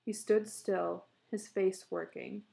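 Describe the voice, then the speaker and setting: A woman narrator reading a short story aloud in a steady, measured storytelling manner. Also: mid-range voice, vocal fry.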